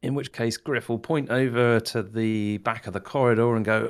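A man's voice: mid-range voice, fairly even intonation, moderate pace. A man playing in a tabletop role-playing game, describing what his character does and sometimes calling out the character's lines. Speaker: player.

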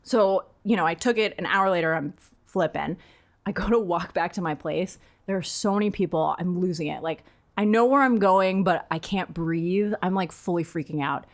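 A woman in her thirties tells a funny story in a relaxed chat. Her voice is of middle pitch, and she laughs a lot and jumps up into a higher voice when she quotes people. She sounds lively and unguarded. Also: normal speed. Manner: animated, laughing, acts out quoted lines in a higher voice.

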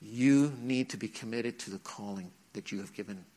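A man's voice: fairly low pitch, moderate pace, dark tone. A middle-aged man preaching to teens in a church, telling his own testimony in an earnest storytelling manner and acting out the quotes. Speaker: youth speaker. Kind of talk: sermon testimony.

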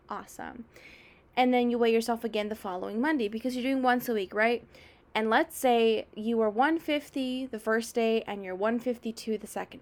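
A young adult woman hosting a podcast, talking casually and energetically about fitness, often acting out a client's inner voice. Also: a little high. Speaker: podcast host and fitness coach. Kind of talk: casual advice monologue.

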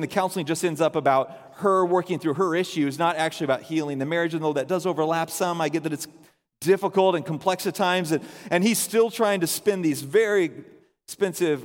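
A man's voice: a little high, big-room sound. A man preaching a sermon, telling a story and acting out the people in it in quoted voices. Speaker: pastor.

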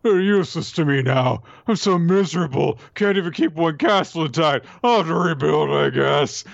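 A man's voice: a little high, lively intonation, moderate pace, gravelly, dry recording, pitched above the performer's own voice. A man voicing a drunken, self-pitying male pirate lord who wails about his ruined castle, on a dull lo-fi recording. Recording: dull lo-fi sound.

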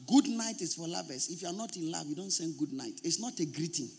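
A man preaching a sermon as pastor, emphatic and repetitive, at times shouting. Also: a little high, expressive, a little fast, vocal fry, a crowd in the background.

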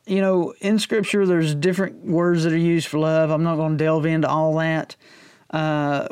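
A male pastor with a slightly high voice preaches a loose, conversational sermon, joking around and frequently checking in with "all right?" The recording is studio quality with no room sound.

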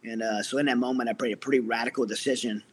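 A man's voice: medium pitch, steady tone, racing, a little hiss or hum. A middle-aged man, a military veteran, earnestly telling his personal story as an interview guest, with many restarts.

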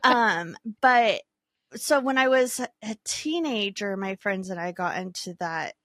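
A young adult woman co-hosting a podcast, telling stories in an animated, filler-heavy casual way. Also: medium pitch, slow, dry recording, clean studio sound. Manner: animated storyteller, many fillers. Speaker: podcast co-host. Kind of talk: casual chat.

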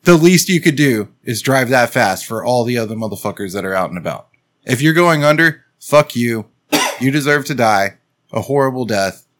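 A man's voice: mid-range voice, animated, normal speed, a bit bright. A man in casual chat, blunt and profane, cracking jokes.

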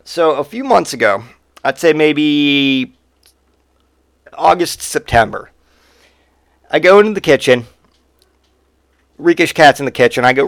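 A man's voice: fairly high pitch, expressive, a little slow, long pauses, fairly bright tone, dry recording, clean studio sound. A man hosting a podcast, telling rambling, profane stories in a casual monologue. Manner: rambling and profane, with frequent swearing. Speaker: podcast host.

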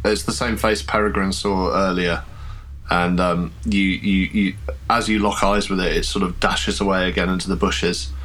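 A man narrating as game master of a tabletop game, halting with fillers. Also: low voice, level tone, fairly bright tone, a little hiss or hum, low-quality recording.

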